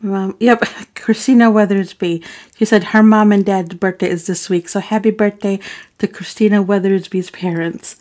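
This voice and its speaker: Affectionately calling her viewers "baby boo," this Arab woman, a mukbang vlogger, reads out names in thanks and says sorry when she stumbles on them. She speaks in a steady, darkish mid-range voice at a moderate pace.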